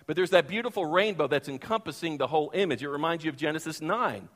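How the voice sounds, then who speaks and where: Higher-voiced male preacher in a reverberant hall. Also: lively intonation, fast, fairly bright tone. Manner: conversational, emphatic, asks the congregation questions. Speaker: pastor. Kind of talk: sermon. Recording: long reverb of a large hall.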